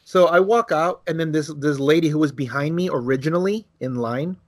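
A man co-hosting a podcast, telling a casual story, acting out quotes with big jumps in his voice and swearing freely. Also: fairly quick. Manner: animated, acts out quotes with big pitch jumps. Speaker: podcast co-host.

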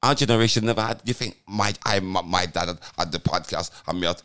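A man's voice: deep voice, fast talker, fairly bright tone, smooth. A man, co-hosting a podcast in teasing, slangy banter. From UK, Jamaican heritage. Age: 40s. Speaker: podcast co-host. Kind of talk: casual banter.

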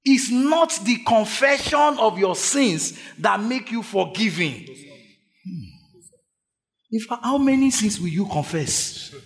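A male pastor delivering a sermon, calling out to the congregation and urging them to shout back. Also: high-pitched, animated, slow, faint music behind. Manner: call-and-response preaching, urging the congregation to shout. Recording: long hall reverb.

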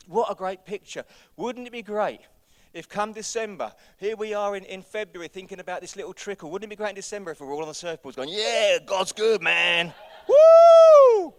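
Energetic male pastor preaching. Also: high-pitched, fast. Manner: energetic, rising to loud exhortation. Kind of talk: sermon. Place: church hall.

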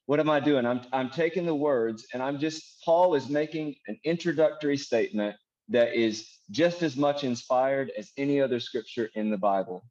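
A man teaching how to pray through scripture, reading verses slowly and turning them into earnest prayer. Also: mid-range voice, a little mellow, lo-fi sound. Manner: earnest, slows to read verses aloud as prayer. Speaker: minister.

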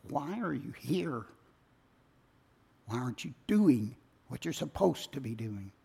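A man preaching a sermon, swinging from loud emphatic lines to hushed, low phrase endings. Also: sing-song, a little slow, vocal fry, pauses often, breathy edge. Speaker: pastor.

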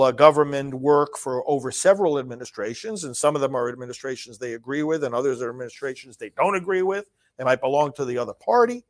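A man hosting a solo political commentary show, reading from a speech and discussing it emphatically, often repeating words and restarting phrases. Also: on the high side. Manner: reads quoted lines slowly and forcefully.

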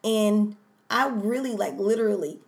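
A woman co-hosting a casual podcast, playful and animated, drifting into tangents. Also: medium pitch, moderate pace, gravelly. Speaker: podcast co-host. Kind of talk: casual chat.

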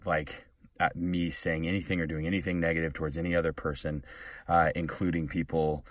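Brief: man with a very low, deep voice, earnest rambling vlog talk, sitting back from the mic in a dead, dry booth. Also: level tone, a little fast, no echo, far from the mic. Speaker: professional voice actor. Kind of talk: casual vlog chat. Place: small recording booth.

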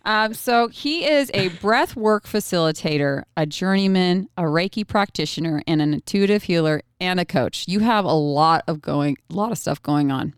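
A woman's voice: on the low side, animated, moderate pace, few pauses, clear, resonant tone, dry recording, studio quality. A woman hosting a podcast, chatting casually in a rambling way and laughing often. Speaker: podcast host.

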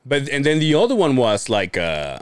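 A man's voice: medium pitch, wildly swooping pitch, moderate pace, a crowd in the background. A man co-hosting a podcast, telling profane work stories in casual chat and laughing often. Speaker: podcast co-host.

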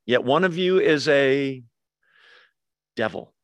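A man's voice: mid-range voice, animated, takes it slowly, clean tone, no echo. A man preaching a casual verse-by-verse sermon, with wry asides and acted-out quotes. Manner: conversational, wry asides, acts out quoted voices. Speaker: pastor. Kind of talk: expository sermon.

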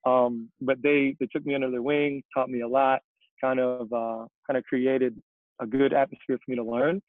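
A young man talks loosely on a podcast, rambling with plenty of fillers. His voice is of middling pitch and comes through a tinny, phone-like remote line. The sound is dry, with no room around it. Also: little pitch movement, normal speed, no echo. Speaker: podcast guest, CrossFit coach. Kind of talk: casual podcast chat.

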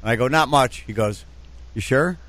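A man's voice: medium pitch, moderate pace, slight background noise. Middle-aged man telling a sports story. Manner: storytelling, animated anecdotes. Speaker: radio co-host. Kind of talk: casual sports radio banter.

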